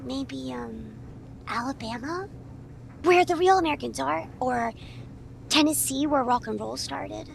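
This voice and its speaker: A woman's voice: high-pitched, unhurried, gravelly, a little hiss or hum, exaggerated voice. A woman playing an eager young girl, a younger sister full of questions, in an audio play.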